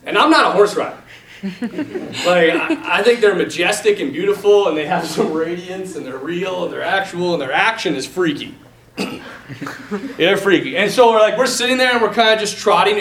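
A man's voice: sits high, slight background noise. A man who is a Catholic priest, talking casually to a group and telling a story with lots of laughter and acted-out quotes. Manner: animated, laughs often, acts out quotes. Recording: roomy hall, distant mic.

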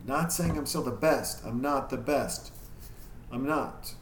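A man's voice: mid-range voice, slow pace, a little hiss or hum. Male podcast host, casual confessional monologue, curses freely, echoey room. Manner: candid, self-critical, swears freely. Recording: echoey room with faint ambience.

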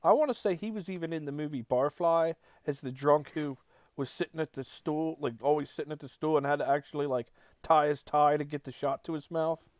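A man co-hosting a podcast, chatting casually about a film, animated and acting out quotes with lots of "like". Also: on the high side, a little fast, dry recording, studio quality. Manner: animated, acts out quotes, frequent "like". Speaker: podcast co-host.

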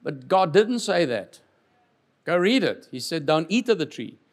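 Male pastor, higher-pitched, animated sermon delivery with humor and big dynamic swings. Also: measured pace. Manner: animated, jokes with congregation, swings from loud to quiet. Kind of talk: lively sermon.

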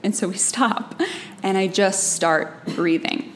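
Young woman, slow unhurried delivery, intimate emotional storytelling, faint background noise. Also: mid-range voice, steady tone. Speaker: storyteller and guest. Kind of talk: personal storytelling monologue.

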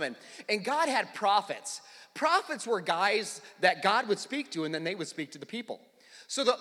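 A man in his forties preaching a sermon in a church, telling a funny personal story with self-deprecating humor and rising to near-shouting at dramatic moments. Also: high-pitched. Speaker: pastor. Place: church auditorium. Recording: long hall reverb.

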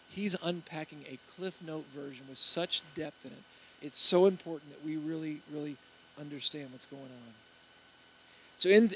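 High-voiced man preaching a sermon. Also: fairly bright tone, low-quality recording. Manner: storytelling, acting out quoted voices. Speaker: pastor.

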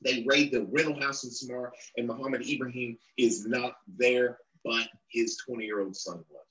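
A middle-aged man speaks as an interview guest and tells his story in detail. His voice sits at an ordinary male pitch. He acts out the lines of the people he quotes as he goes. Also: moderate pace, roomy sound, poor audio. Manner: animated storyteller acting out quoted dialogue.

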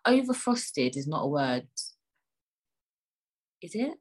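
A woman's voice: deep voice, lively intonation, slow pace, long pauses, breathy edge, low-quality recording. A woman hosting a solo podcast, rambling in a chatty, joking, self-mocking way. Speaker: podcast host.

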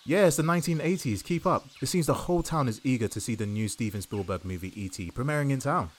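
A man's voice: medium pitch, lively intonation, fast talker, slight background noise, lightly acted. A man voicing an overly cheery retro field reporter in a comedy news sketch, with a jaunty 1950s radio-presenter delivery. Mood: chirpy.

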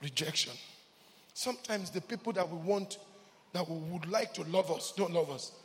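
A man preaching a sermon as pastor in a church, swinging from hushed lines to shouts and repeating key words. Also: sits high, normal speed, big-room sound, a little hiss or hum.

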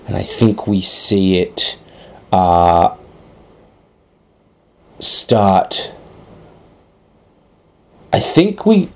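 A man narrating a tabletop game scene off the cuff, hesitant and thinking aloud with many fillers. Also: lowish voice.

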